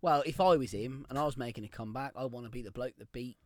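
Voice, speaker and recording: A man's voice: medium pitch, fast talker, a little mellow, no room sound. A man teasing his friend in a casual watch-along chat, wry and casually sweary. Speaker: co-host. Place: small warm room.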